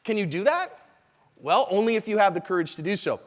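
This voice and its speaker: Man, instructor, live seminar, energetic, conversational, high-ish voice, hall echo. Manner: energetic, conversational, quick asides. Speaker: self-defense instructor.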